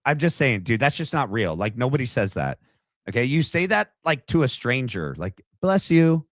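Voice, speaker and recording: A man's voice: medium pitch, very animated, normal speed, a bit bright, no echo. A man hosting a podcast, reacting to a clip in casual commentary, mocking and sarcastic, slangy and full of fillers. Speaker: podcast host.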